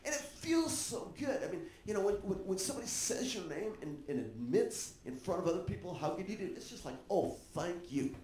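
A man preaching a sermon, animated and joking with the congregation. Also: high-pitched, fairly quick, few pauses, reverberant, a little hiss or hum. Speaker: pastor.

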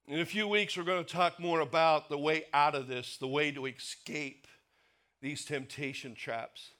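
A pastor preaching a sermon, earnest, sinking to a quiet low voice for weight and lifting it for questions to the congregation. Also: male voice, fairly even intonation, moderate pace. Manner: earnest preaching, drops low and soft for emphasis, rises for rhetorical questions.

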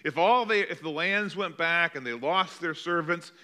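A man preaching a sermon, dramatic and expressive, acting out the voices of the people he quotes. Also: a little high, moderate pace. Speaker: pastor.

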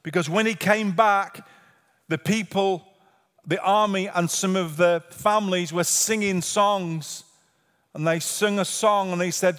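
Male pastor with a high voice, earnest repetitive preaching, long church-hall reverb. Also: steady tone, unhurried, fairly bright tone. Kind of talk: sermon. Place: church sanctuary.

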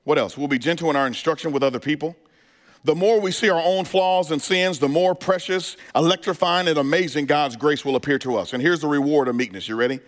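A male pastor with a voice on the high side preaches fairly quickly in a reverberant church sanctuary. He keeps quizzing his congregation, asking if they're ready, in call-and-response fashion.

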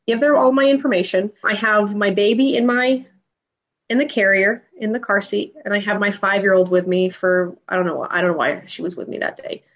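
A woman in her thirties tells her own story as a podcast guest. She is emotional and animated and acts out the lines of the people in it. The recording sounds dull and lo-fi. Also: mid-range voice, fairly quick. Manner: emotional, animated retelling with acted-out dialogue. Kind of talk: personal storytelling in an interview.

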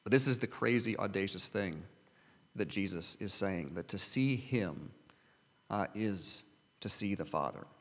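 A man's voice: sits low, expressive, measured pace, a bit bright. A man preaching a sermon, earnestly reading scripture and asking his listeners rhetorical questions. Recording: long hall reverb.

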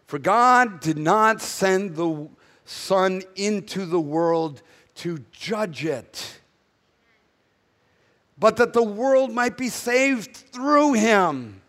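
A man's voice: high-pitched, expressive, drawn-out words, a bit bright. A male pastor with a Northern US accent, preaching a sermon in a blunt, conversational way with casual asides. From northern United States. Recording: echoey hall reverb.

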